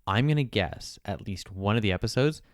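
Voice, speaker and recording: Co-host, male, lowish voice, dry sound, relaxed and wry. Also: fairly quick, no echo. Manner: laid-back, wry asides and frequent agreement. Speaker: podcast co-host. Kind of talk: casual chat.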